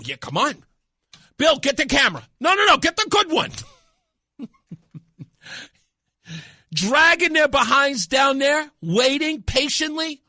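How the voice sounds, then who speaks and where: A man's voice: high voice, bright, forceful tone, no echo. A male talk radio host giving a sarcastic, mocking monologue in a studio. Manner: sarcastic, mocking, laughs at own jokes.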